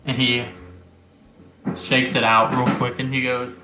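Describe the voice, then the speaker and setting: A man narrating as game master of a tabletop game, descriptive and halting with many pauses. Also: mid-range voice, flat delivery. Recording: roomy recording, faint music.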